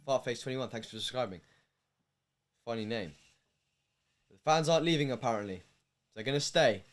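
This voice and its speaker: Young man, from the UK, live stream commentary, emotional, hushed then bursting loud. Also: medium pitch. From United Kingdom.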